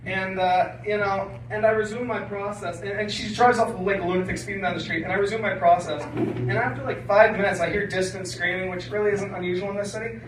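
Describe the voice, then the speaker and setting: A man's voice: sits high, fairly even intonation, brisk, background noise. A man performing a crude, rambling stand-up set in a small basement room. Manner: crude, rambling, filler-heavy delivery. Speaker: stand-up comedian. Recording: echoey room from a distant mic.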